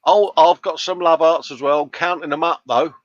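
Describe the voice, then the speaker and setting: A man's voice: a little high, fairly even intonation, moderate pace, no echo. A British man hosting a live workshop stream, chatting casually, laughing often and reading out viewer comments. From Britain. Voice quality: chummy, laughs often, says "mate" a lot. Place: home workshop bench. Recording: dull dry sound.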